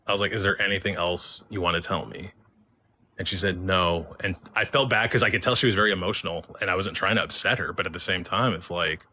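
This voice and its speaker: A man's voice: sits low, steady tone, brisk, pushed and bright. A man casually telling a true ghost encounter as a caller on a live stream, rambling with many fillers and quoting the conversations himself. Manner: rambling, heavy with fillers and restarts, quotes himself and others. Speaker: caller sharing a paranormal experience. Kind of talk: casual spoken storytelling. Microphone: phone or stream mic.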